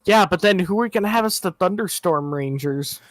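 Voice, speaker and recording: High-voiced young man, dry and close. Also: normal speed, no room sound. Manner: profane, excitable, deadpan jokes. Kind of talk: casual chat on a live show.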